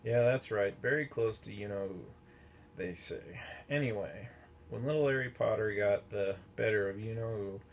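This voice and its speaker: A man voicing a chatty, excitable young male bus conductor who gossips eagerly. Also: fairly low pitch, dull audio, slight background noise, close to an everyday voice. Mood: gossipy. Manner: gossipy, excitable, talks fast.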